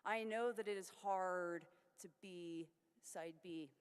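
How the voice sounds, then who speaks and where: A woman's voice: lowish voice, slow, clean tone. A woman giving a conference keynote, telling personal stories in an earnest way. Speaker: keynote speaker. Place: large conference hall. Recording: long reverb of a large hall.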